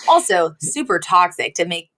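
A woman's voice: fairly low pitch, moderate pace. A woman co-hosting a podcast, retelling a sitcom episode in casual chat and laughing often. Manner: animated storyteller, laughs often. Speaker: podcast co-host.

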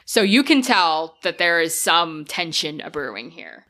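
Bright-voiced chatty woman podcaster. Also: deep voice, very animated, measured pace. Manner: chatty, lots of "like" fillers, acts out quotes. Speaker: podcast co-host. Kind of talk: casual film recap chat.

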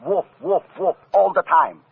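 An actor playing a proud, excitable violinist who stammers when nervous. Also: male voice, sits high, unhurried, gravelly, slightly rough, heavily acted. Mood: indignant. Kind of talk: 1940s radio acting. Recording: tinny old radio broadcast.

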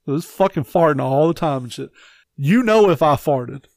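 A man with a fairly high voice chats on a podcast, swearing freely and spinning loose, rambling stories. The sound is dry and close, with no room echo at all. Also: expressive, normal speed, a little mellow. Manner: profane, rambling storyteller. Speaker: podcast co-host. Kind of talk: casual chat.

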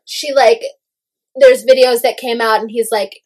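A young woman in casual gossip chat, animated and full of "like" fillers, swearing freely. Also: a little high, measured pace.

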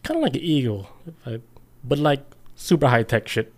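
A man's voice: medium pitch, lively intonation, normal speed. A man co-hosting a podcast, telling a story in a loose casual way, swearing and laughing often. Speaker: podcast co-host.

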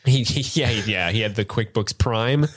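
A man co-hosting a podcast, trading wry jokes and quick asides in casual chat about an episode. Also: fairly low pitch, fairly bright tone. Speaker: podcast co-host.

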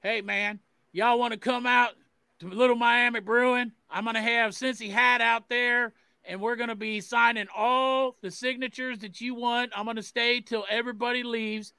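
A man putting on a Cincinnati accent to play a brash male football player, loudly plugging a fan event with cheers and curses. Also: steady tone, normal speed, creaky, smooth, dry recording, heavily acted. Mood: hyped. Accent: put-on Cincinnati. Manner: loud, swearing, pitchman cheer.

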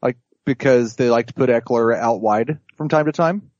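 A man talks sports on a podcast in a measured, analytical way, leaning on his projections. His voice is mid-pitched, and the audio is slightly dull, recorded close with no room echo. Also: darkish tone. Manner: measured, data-minded, cites his projections. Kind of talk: casual sports chat.

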